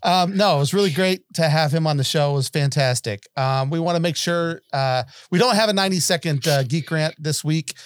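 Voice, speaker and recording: A man's voice: on the high side, fairly quick, hardly any pauses, no room sound, studio quality. A man hosting a podcast, thanking a guest and wrapping up the show, with frequent ums and uhs. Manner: friendly, many ums and uhs when wrapping up. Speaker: podcast host.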